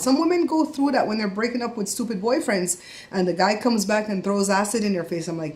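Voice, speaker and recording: A woman's voice: medium pitch, expressive, fairly quick, darkish tone. A middle-aged woman from Belize, chatting casually at home for a family vlog and laughing often as she talks. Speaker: family vlogger.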